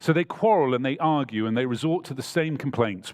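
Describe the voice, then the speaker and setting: A man's voice: mid-range voice, fairly quick, a little mellow. A man preaching a sermon in a church, telling a scripture story and reading passages aloud with emphasis. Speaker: pastor.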